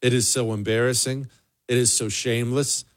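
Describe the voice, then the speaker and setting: A man's voice: mid-range voice, level tone, moderate pace. A man hosting a political commentary show, talking in an emphatic, mocking monologue. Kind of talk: opinionated monologue.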